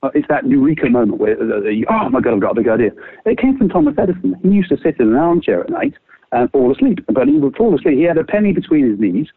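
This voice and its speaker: Energetic man on a tinny line. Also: fast, breathy edge, no echo. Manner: lively, swings pitch widely, casual swearing. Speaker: creativity trainer, guest. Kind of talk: animated explaining with quick exercises. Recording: dry, phone-like narrow sound.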